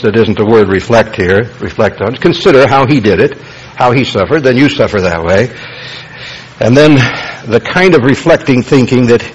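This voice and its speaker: A man preaching a verse-by-verse Bible sermon as a pastor, folksy and emphatic, often checking in with "you see" and "all right". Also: medium pitch. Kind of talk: expository Bible-teaching sermon. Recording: dull lo-fi sermon tape, faint hiss.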